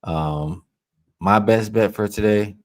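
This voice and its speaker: A man co-hosting a casual sports betting show who speaks hesitantly, with many pauses and restarts. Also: lowish voice. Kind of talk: casual betting talk on a livestream.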